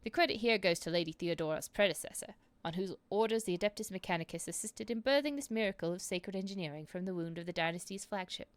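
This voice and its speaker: A stern, scornful male enforcer captain, as a woman puts him on, speaking in stiff, officious military phrasing. The voice sits fairly low and sounds dry and close, with no room around it. He reads like game dialogue. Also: quick pace, few pauses, dry recording, close to an everyday voice. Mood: stiff formal. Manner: formal, stiff military speech. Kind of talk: reading game dialogue aloud.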